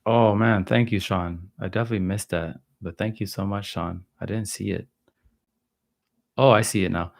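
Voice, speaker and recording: A man's voice: deep voice, moderate pace, gravelly, faint music behind. A man in his thirties hosting a casual livestream and answering viewer questions, talking loosely with plenty of "like" and "you know". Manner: loose, relaxed talk full of "like" and "you know".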